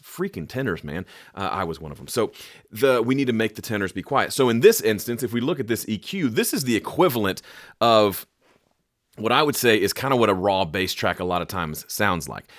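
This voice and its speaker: Middle-aged male music teacher, a bit low, dry and close; casual and joking, talks mixing straight to camera, breaks into sound effects. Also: dry recording. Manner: animated, jokey, makes vocal sound effects. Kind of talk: casual instructional talk to camera.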